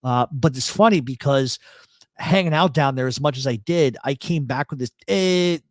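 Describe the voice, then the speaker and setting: On his live talk show, a radio host originally from Rhode Island spins rambling tales laced with swearing, his speech colored by an acquired South Philadelphia accent. He speaks at a moderate pace with medium pitch, and the sound is dry with no room sound.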